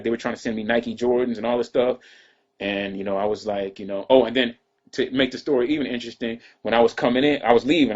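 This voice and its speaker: A man tells a personal story in a quick, laid-back way, often asking if you follow him. His voice is husky and slightly rough. The recording sounds dull and lo-fi. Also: medium pitch. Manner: laid-back, repeats "you know what I'm saying". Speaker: interview guest. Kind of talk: casual storytelling. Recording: dull lo-fi audio.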